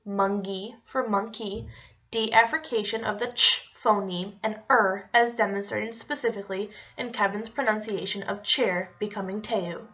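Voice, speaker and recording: A woman narrating a clinical report, reading technical terms in an even, matter-of-fact tone. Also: medium pitch. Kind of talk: read-aloud report narration. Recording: dull lo-fi recording.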